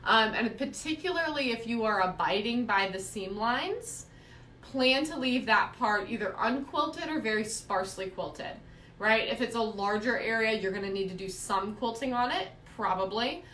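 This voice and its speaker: A woman's voice: on the high side, animated, normal speed, fairly bright tone, recorded from a distance, a little hiss or hum. Chatty woman teaching quilting, echoey room. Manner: chatty, frequent "right?" check-ins. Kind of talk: live-streamed quilting lesson.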